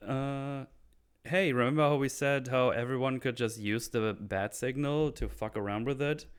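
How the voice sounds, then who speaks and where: A man hosting a casual podcast, retelling film scenes in loose, animated speech with crude jokes. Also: mid-range voice, normal speed, smooth. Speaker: podcast host recapping a film.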